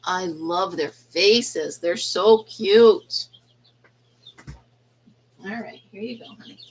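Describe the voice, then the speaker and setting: A woman's voice: medium pitch, slow, slight background noise, low-quality recording. A woman chatting casually on a phone livestream from an indoor yarn room, laughing often and cooing at baby chicks, with an anecdote about school absences. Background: chicks cheeping.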